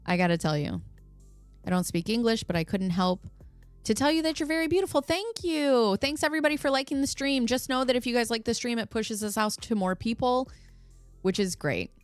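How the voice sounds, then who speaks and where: A woman's voice: a little high, animated, fairly quick, dry recording, faint music behind. A woman hosting a casual livestream from America, chatty and joking as she reads out viewer comments. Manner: chatty, laughs often, jokey. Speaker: livestream host.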